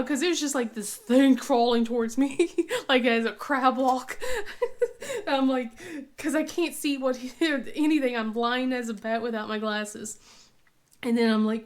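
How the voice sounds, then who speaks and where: A woman in her thirties tells a story from home in a loose, chatty way. She laughs often and fills her talk with likes and ums. Her voice sits a little high. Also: moderate pace. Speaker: crafting vlogger, mother. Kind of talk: casual storytelling chat.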